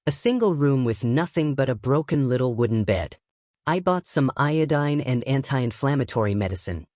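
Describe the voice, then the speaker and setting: A man narrating a first-person story in a steady, wry way. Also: mid-range voice, moderate pace, no echo, clean studio sound.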